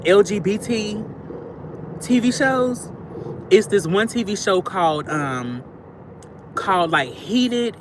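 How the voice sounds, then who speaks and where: Picture a woman on a livestream, talking straight to her viewers like they're close friends. Her voice is bright and sharp, and it swings up and down a lot as she gushes and rambles. The chat stays loose and playful the whole way through. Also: lowish voice, slight background noise. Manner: gushing, chatty, addresses viewers as "y'all" and "sister".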